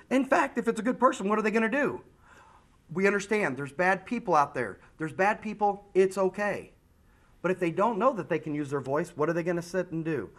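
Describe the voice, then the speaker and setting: A man in his forties with an American accent, giving a lively community safety talk to parents and acting out what kids say. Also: high voice. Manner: animated, acts out kids' lines. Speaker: school safety presenter. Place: school meeting room.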